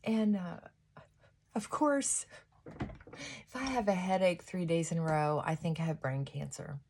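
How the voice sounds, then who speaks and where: A woman's voice: on the low side, measured pace, a little mellow, slight background noise. A middle-aged woman vlogger chatting casually and reflectively while doing her makeup, rambling and trailing off mid-thought.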